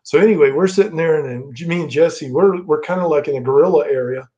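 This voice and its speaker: A man's voice: a little high, fast, mellow. A middle-aged man, a guest on the show, telling anecdotes in a loose, rambling way full of restarts. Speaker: guest, former wrestler. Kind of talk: casual storytelling. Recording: dull lo-fi sound.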